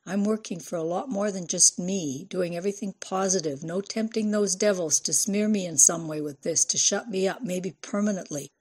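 A woman doing an earnest family man, wary, husky, audiobook dialogue. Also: on the low side, moderate pace, few pauses, a little mellow.

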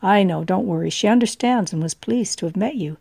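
A woman reading an elderly woman's lines in a storybook reading, speaking with a gently teasing, knowing manner. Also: mid-range voice, brisk, creaky, husky, dry recording. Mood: warm. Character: elderly woman, warm and wry, fond of her friend.

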